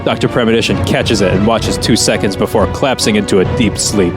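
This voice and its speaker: A man's voice: lowish voice, a little fast, loud music behind the voice. A man co-hosting a podcast, narrating a comedy script he wrote and defending it with an earnest, laughing manner. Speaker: podcast co-host and script writer. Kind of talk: narrating a script and casual chat.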